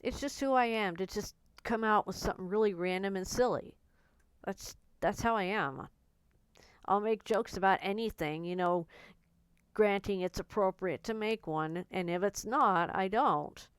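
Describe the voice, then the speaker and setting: A woman's voice: medium pitch, moderate pace, clean tone, no echo. A woman vlogger candidly telling a personal story, blunt and emotional, swearing freely.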